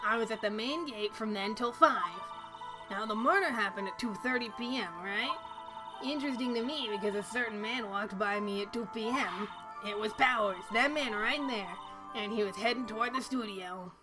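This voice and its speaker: A woman's voice: on the high side, moderate pace, lightly acted. Woman putting on a drawling busybody old lady. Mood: gossipy. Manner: drawling, calls everyone dearie. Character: chatty nosy old woman security guard. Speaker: streamer reading game dialogue. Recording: game music behind.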